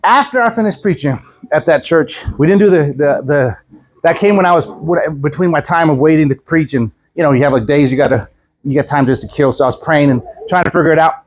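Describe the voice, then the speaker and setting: Husky-voiced Texan preacher. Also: male voice, a little high, brisk, low-quality recording. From Texas. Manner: folksy storytelling, repeats words often. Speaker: traveling preacher. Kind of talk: informal sermon. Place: church gathering.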